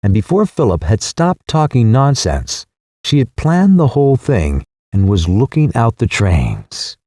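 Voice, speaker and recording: A male audiobook narrator reading a classic novel in a measured, expressive manner. His pitch ranges widely and his tone is mellow and warm. The recording is dry and close. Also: no echo. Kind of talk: scripted narration.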